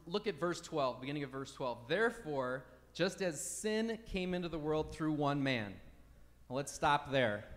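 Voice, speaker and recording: Male pastor, somewhat high voice, emphatic teaching sermon, long hall reverb. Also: a bit bright. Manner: emphatic teaching, rhetorical "right?" asides.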